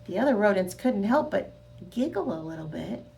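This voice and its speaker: A woman reading a picture book aloud to children, expressive and sing-song, speaking to her young listeners directly. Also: medium pitch, moderate pace, gravelly, faint music behind. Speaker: storyteller.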